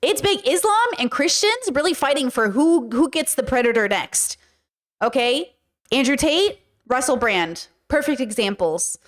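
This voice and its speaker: A woman's voice: sits high, expressive, a little slow. A woman hosting a casual commentary, talking in an emphatic, sarcastic way. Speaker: commentary host.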